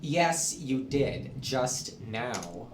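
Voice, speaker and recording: A man's voice: medium pitch, sing-song, very slow, slight background noise. A man doing a curt, cold schoolgirl. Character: serious, standoffish high school girl. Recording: roomy, with game music behind.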